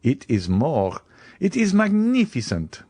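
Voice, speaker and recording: A man reading an audiobook voices an eager, obliging provincial notary anxious about his fee, with a lively delivery. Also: on the high side, slow, breathy edge, no echo, pitched above the performer's own voice, heavily acted. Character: fawning provincial male notary, fee-minded.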